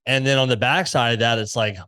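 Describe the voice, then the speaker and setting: Guy hosting a fitness podcast, rambly casual questions, mid pitch. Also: steady tone, fairly quick, sharp tone, clean tone. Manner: rambling, thinking aloud while framing questions. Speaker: podcast host. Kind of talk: casual interview.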